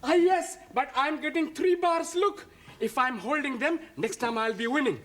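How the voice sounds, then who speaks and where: An excitable male student, speaking in broken, hopeful English, his voice pitched very high and bright. Studio audience laughter rolls behind him in this 1970s sitcom. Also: moderate pace, a little hiss or hum. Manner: hopeful, uses "-ing" forms in broken English. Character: excitable adult male language student gambling at a slot machine. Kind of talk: sitcom acting.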